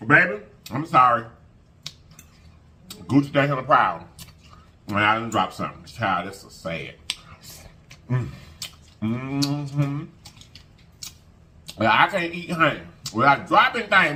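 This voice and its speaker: A man's voice: medium pitch, slow, pauses often, slight background noise. A man hosting a casual eating vlog, folksy and chatty, humming as he eats. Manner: lively, folksy, hums while eating. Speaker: mukbang host.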